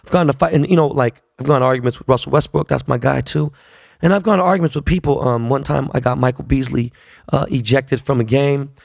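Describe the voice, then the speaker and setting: A man's voice: medium pitch, quick pace, creaky, a little mellow, dry recording, studio quality. A man in his forties telling a long, profane story in a casual, rambling way, full of fillers. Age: 40s.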